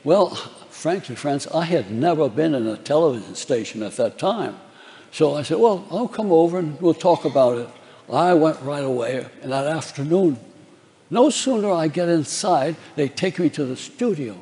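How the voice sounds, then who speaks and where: A man's voice: on the high side, lively intonation, normal speed, warm tone. Older man telling stories in a theater hall. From New Orleans, Louisiana. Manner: chatty, laughing, acts out quoted voices. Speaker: stage storyteller recalling his career. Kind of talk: live stage anecdote. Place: large theater.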